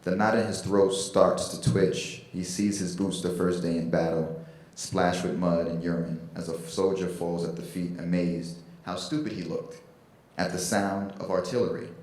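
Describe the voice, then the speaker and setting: A man giving a slow, measured poetry reading at a public event. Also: deep voice, level tone, a little mellow. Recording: very echoey hall.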